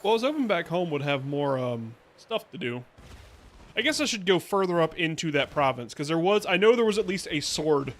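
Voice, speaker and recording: A man's voice: on the high side, big pitch swings, brisk, a little hiss or hum. A man giving casual gameplay commentary on his stream, rambling and playful, often restarting his sentences. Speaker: VTuber streamer.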